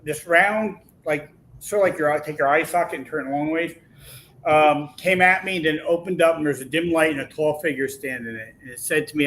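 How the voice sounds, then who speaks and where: A man with a bright, slightly higher voice tells his story in a lively, animated way, slipping into the voices of the people he quotes. His speech is casual and full of restarts, and a faint hum sits behind him. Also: brisk, low-quality recording. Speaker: podcast guest.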